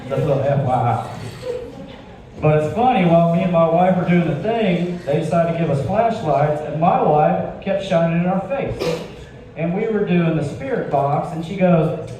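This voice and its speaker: A man's voice: on the high side, moderate pace, dark tone. A man from Georgia, doing a self-deprecating stand-up set and telling stories in a conversational way on a club stage. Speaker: stand-up comedian. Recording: echoey club from far off, crowd. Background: audience.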